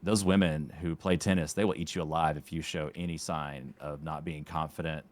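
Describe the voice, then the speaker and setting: A man in his late thirties, a podcast guest who coaches tennis and streams, talking in an unhurried way with dry, sarcastic wit. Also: very deep voice, fairly even intonation. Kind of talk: casual interview chat.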